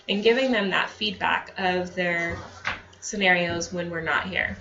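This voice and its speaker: Bright-voiced woman giving casual training. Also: lowish voice, steady tone, moderate pace. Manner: conversational, fillers and quoted examples. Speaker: ABA therapy trainer. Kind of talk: staff training talk. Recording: dull lo-fi audio.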